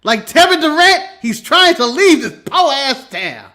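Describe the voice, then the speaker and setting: High-pitched laughing American man. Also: a little slow. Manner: laughs often, animated, reads from notes. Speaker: podcast co-host. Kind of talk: casual wrestling recap chat.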